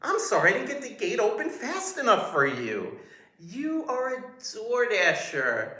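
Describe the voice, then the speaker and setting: A man voicing an overeager, fawning male security guard in a high, drawn-out, laughing voice, recorded in a roomy space. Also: huge pitch swings, bright, forceful tone, exaggerated voice. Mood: giddy fawning. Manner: squealing, drawn-out, laughing through words. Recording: roomy echo.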